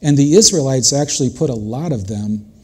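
A man's voice: medium pitch, lively intonation, brisk, darkish tone, husky. An older man preaching a sermon as a pastor, earnest and conversational, speaking directly to his congregation.

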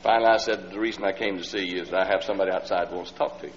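A man's voice: low-pitched, steady tone, rapid-fire, slight background noise. Male preacher, folksy storytelling sermon, acts out his characters, old lo-fi LP sound, long hall reverb. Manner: folksy storyteller who acts out the people in his story, rising to loud pleading.

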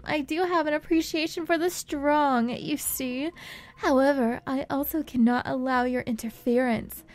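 A woman voicing a creepy, scheming male villain boss from a game, with a drawn-out, gloating, menacing delivery. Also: high voice, pitched above the performer's own voice, lightly acted.

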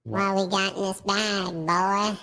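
A man through a creaky high voice filter. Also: steady tone, slow, sharp tone, full character voice. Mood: hyping. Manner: swaggering, slangy hype talk while eating. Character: filtered high creaky male voice, brash streetwise eater. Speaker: streamer doing a mukbang.

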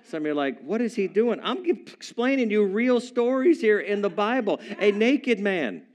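Male preacher with a slightly high voice, playful storyteller, jokes with the congregation. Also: moderate pace. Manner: playful, animated, chuckling asides to the congregation. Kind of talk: humorous storytelling sermon. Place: church service with a live congregation.

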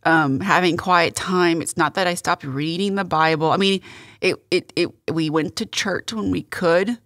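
A middle-aged woman, a guest on a faith interview show, telling a personal story in a halting, earnest way with many restarts. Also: on the low side, fairly bright tone, no room sound, clean studio sound.

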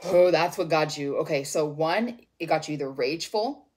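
A woman giving a casual tarot reading, rambling and expressive and swearing freely. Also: deep voice, normal speed, breathy edge. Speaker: tarot reader.

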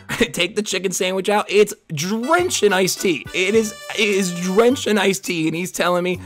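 A young man streaming live and reacting to clips, excitable, swearing often and laughing a lot. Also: high-pitched, moderate pace, soft background music.

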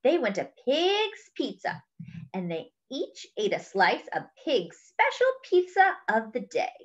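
A woman reading a children's picture book aloud, pointing out the pictures as she goes. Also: sits high. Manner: slow, animated, pointing out pictures. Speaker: storyteller. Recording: dull lo-fi recording.

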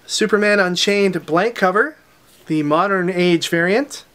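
A man with a notably high voice runs through the week's comic arrivals in a casual unboxing style. He lists the releases one after another at a brisk clip and drops in short offhand comments between titles. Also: fairly bright tone. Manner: brisk title-by-title listing with quick asides. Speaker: comic shop host presenting new releases.

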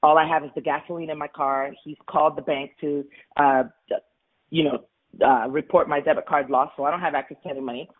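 A woman's voice: sits low, fairly even intonation, fairly quick, slightly rough. A woman guest on a radio interview, telling her personal story candidly and emphatically, with tumbling restarts, over a phone line. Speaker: guest, money coach.

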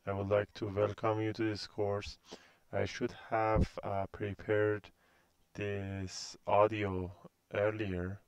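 A man's voice: lowish voice, little pitch movement, slow, vocal fry, clear, resonant tone, dry recording. A man in his thirties from Iran with a Persian accent, a university instructor giving a recorded course introduction, hesitant and full of fillers.

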